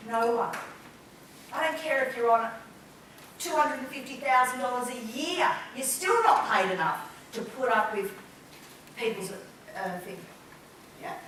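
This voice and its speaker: Woman, middle-aged, conference speaker, fairly high voice, distant mic in a very echoey hall. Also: measured pace, long pauses, a little hiss or hum. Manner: lively, acts out examples in quoted voices. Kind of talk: conference presentation.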